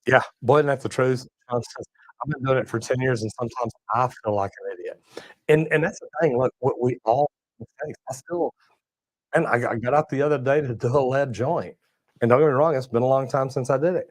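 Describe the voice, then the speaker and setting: A man's voice: medium pitch, a little fast, dry recording, low-quality recording. A middle-aged man, hosting a casual livestream and reading chat messages in a folksy, drawling way. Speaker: plumbing channel host reading live chat.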